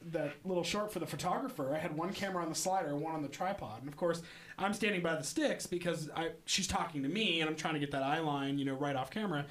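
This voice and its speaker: A man chatting on a podcast, chiming in with quick reactions and jokes. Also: on the high side, a bit bright. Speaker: podcast co-host, filmmaker. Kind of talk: casual chat.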